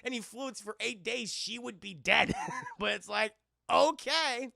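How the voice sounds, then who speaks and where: Guy streamer rambling through a movie recap, raspy high voice, dry close mic, cusses a lot. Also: sharp tone, no room sound. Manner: profane, rambling, acts out scenes in quick voices. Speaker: streamer reviewing a film. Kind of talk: casual livestream film recap.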